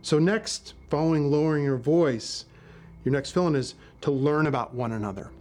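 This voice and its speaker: A man who was once a police officer, giving a sermon in a relaxed, conversational storytelling way, often restarting his words. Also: a little high, normal speed, soft background music. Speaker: pastor and former police officer.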